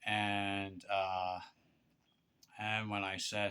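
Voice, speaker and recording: A man speaks in a fairly low register with a smooth, clear tone. He talks straight to one person in a confessional monologue, halting and aggrieved, stumbling into repeated words and restarts as he pleads his case. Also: fairly even intonation, fairly bright tone. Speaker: vlogger.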